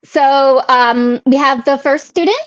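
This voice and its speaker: A woman's voice: high voice, takes it slowly, highs cut off. A woman moderating a student question session, sounding moved and thankful.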